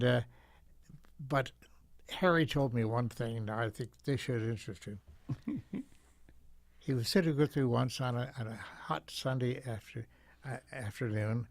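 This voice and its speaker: An older man, a guest on a talk show, telling a story in a gentle, reflective way with frequent repeats. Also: medium pitch, no room sound.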